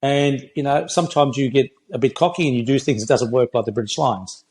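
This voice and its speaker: A man's voice: medium pitch, a little fast, darkish tone. Australian man, 60s, former player; blunt, opinionated, calls everyone mate. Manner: blunt, opinionated storytelling, says "mate" often. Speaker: former rugby player, guest. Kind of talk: casual podcast interview.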